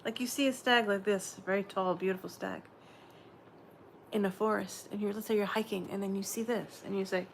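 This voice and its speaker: A woman giving a spiritual oracle card reading, gentle and dreamy, often slipping into soft whispers. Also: medium pitch, fairly even intonation, fairly quick, vocal fry, a little hiss or hum.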